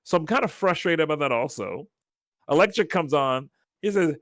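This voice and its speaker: This man co-hosts a casual podcast and tells stories with energy, acting out everyone's lines as he goes. His voice sits a little high and swings widely in pitch. The sound is dry and close, with no room echo. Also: a little fast. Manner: animated storyteller who acts out quoted lines. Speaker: podcast co-host. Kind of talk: casual chat.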